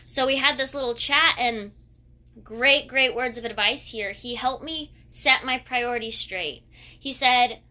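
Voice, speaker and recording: A woman in her mid-twenties talks through a personal story, her voice bright and forward. She rambles and restarts her sentences, candid and unpolished. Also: on the high side, a little slow. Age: 20s. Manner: rambling, self-correcting, candid.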